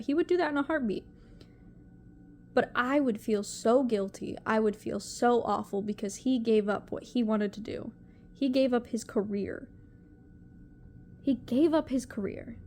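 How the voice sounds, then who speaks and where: A woman's voice: fairly high pitch, darkish tone, slight background noise. A young woman talking to camera in a personal vlog, emotional and rambling, often repeating herself. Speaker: vlogger.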